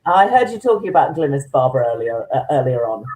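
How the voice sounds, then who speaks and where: A woman joining a radio show remotely, speaking in a measured, composed way. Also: very deep voice, sing-song, dark tone, roomy sound, poor audio. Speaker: remote guest. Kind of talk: casual radio chat. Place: remote line from home.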